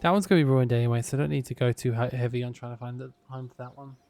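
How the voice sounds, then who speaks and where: A man mutters his way through a relaxed game, his mid-range voice rough with a gravelly edge. He drops dry, sarcastic asides as he plays. Faint music runs beneath his voice. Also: mid-range voice, very fast. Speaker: gaming YouTuber. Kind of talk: relaxed gameplay commentary.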